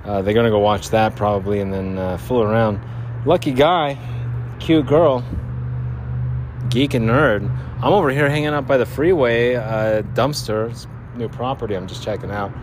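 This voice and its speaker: A man's voice: fairly low pitch, a little fast, few pauses. Nasal man rambling outdoors by traffic. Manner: rambling, self-deprecating, jokey. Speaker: podcast host. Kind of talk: rambling casual monologue. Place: outdoors by a freeway. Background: traffic and motorcycles.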